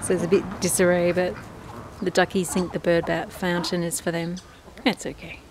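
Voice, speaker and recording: An Australian woman narrates casually and fondly while filming her ducks in the backyard. Her lowish, darkish voice moves at normal speed with a flat delivery, against faint outdoor sounds.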